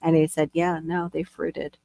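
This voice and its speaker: A woman hosting a casual chat, talkative and quick to gasp. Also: low voice, little pitch movement, gravelly, mellow, no room sound. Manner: chatty, gardening talk, quick gasps. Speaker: host.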